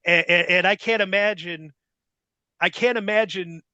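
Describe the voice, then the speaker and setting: A middle-aged man tells a rambling, swear-filled story in a casual interview. His voice sits high and bright, with a forceful edge. The sound is dry and close, with no room around it. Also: moderate pace, clear, resonant tone, no room sound, muffled recording. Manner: profane, rambling, animated retelling. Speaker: guest.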